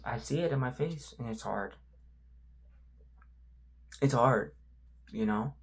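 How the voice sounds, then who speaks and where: Male vlogger sharing his struggles with faith in a candid, halting, reflective way. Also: medium pitch. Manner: reflective, halting, lots of "you know" fillers.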